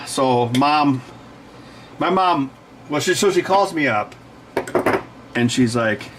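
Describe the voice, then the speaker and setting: A man's voice: mid-range voice, a little slow, pauses often, a bit bright, slight background noise, rough recording. A man hosting a livestream, telling stories in a rambling, digressive way, correcting himself and laughing often while he works. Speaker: livestream host. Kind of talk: rambling casual chat while working.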